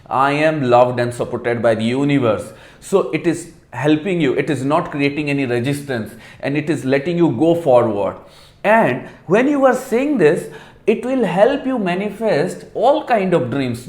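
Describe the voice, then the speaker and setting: A man's voice: fairly high pitch, darkish tone. A man teaching about affirmations in an earnest, repetitive, encouraging way. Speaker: law of attraction coach. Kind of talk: motivational teaching. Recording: roomy echo with faint music.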